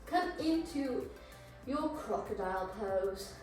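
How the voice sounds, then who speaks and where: High-voiced woman guiding a yoga flow. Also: animated, takes it slowly, darkish tone. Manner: encouraging, cueing breath and poses. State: out of breath. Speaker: yoga instructor. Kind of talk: guided yoga flow instruction. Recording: very echoey room, voice far from mic, music behind.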